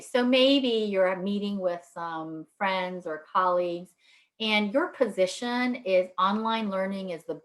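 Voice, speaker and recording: A woman giving a talk on handling difficult conversations. She speaks in a conversational, reassuring way, often checks in with "right?" and acts out short quoted lines. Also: mid-range voice. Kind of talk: presentation to a group.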